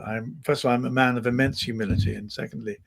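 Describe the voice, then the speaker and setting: A man's voice: mid-range voice, steady tone, fast talker, creaky. Dryly joking man with a posh RP accent. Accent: Received Pronunciation. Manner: dry, self-mocking humour. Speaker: co-host. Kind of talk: casual chat.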